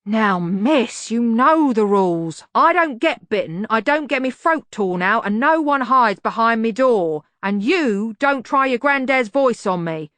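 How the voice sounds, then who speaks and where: A woman doing a slow surly doorman. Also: mid-range voice, lively intonation, a bit bright, dry recording. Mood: angry. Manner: slow grumbling working-class speech. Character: gruff surly male bar doorman.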